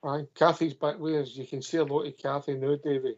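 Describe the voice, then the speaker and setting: Gravelly Scottish radio host. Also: male voice, on the high side, little pitch movement, a little fast, no room sound, muffled recording. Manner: friendly banter, says aye and mate. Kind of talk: casual radio phone-in hosting.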